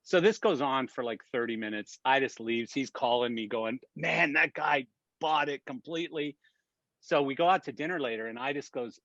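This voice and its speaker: A man's voice: medium pitch, normal speed, a bit bright, dry recording. Profane, laughing man telling stories on a call. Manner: profane, laughing anecdote-teller. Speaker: regular on a weekly industry chat. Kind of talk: casual chat, storytelling. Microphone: video call. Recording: dull dry video-call audio.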